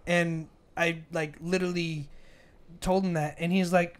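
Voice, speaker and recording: A man's voice: a little high, normal speed, clear, resonant tone. A man in his twenties from Arizona, telling a story in a casual podcast chat and acting out the quotes as he gets heated. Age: 20s. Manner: animated, acts out the argument in quoted voices, gets heated. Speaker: podcast co-host. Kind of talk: casual storytelling over beers.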